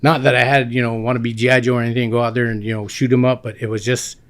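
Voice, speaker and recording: A man in his fifties from Guam, a guest telling casual stories about his army years, animated and full of restarts. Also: mid-range voice, very fast. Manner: animated, acts out quoted dialogue with many restarts. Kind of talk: casual storytelling.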